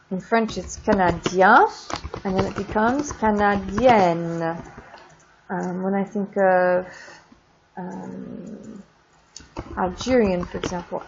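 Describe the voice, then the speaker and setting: A woman teaching a French class in a recorded lesson, drawing out words slowly for pronunciation drills and adding casual asides. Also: medium pitch, a little mellow, muffled recording, slight background noise.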